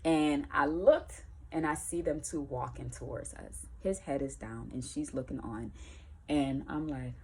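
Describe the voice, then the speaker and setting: A woman musician telling a personal story in a casual, colloquial way, lively and acting out the voices of the people in it. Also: a bass voice, normal speed, slight background noise. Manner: animated, colloquial, acts out quoted voices.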